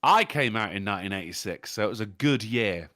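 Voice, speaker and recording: A man's voice: on the low side, animated, fairly quick, pushed and bright, no echo, clean studio sound. A British man in his thirties, co-hosting a casual podcast chat, joking and swearing freely. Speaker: podcast co-host.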